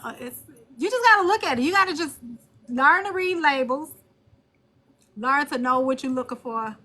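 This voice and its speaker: A woman hosting a live stream and talking on her phone, blunt and animated, cursing freely. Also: high voice. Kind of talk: casual live stream chat.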